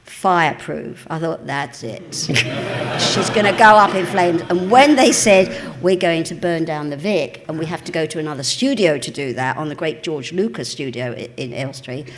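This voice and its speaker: A woman's voice: sits low, moderate pace, slight background noise. Chatty older East End London woman. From England. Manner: chatty, animated storyteller, laughs often, calls people darling. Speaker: interview guest. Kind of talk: live stage interview. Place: cinema auditorium with a live audience. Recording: long hall reverb.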